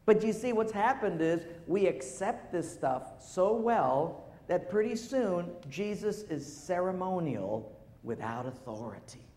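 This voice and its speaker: A man preaching a sermon as pastor, lively and conversational, asking the congregation questions. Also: high voice. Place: church hall. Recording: long reverb of a large hall.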